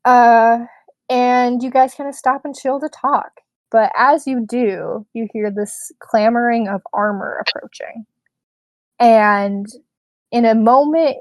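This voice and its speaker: A woman narrating as game master of a tabletop game, relaxed and rambling with many fillers. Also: fairly high pitch, no room sound.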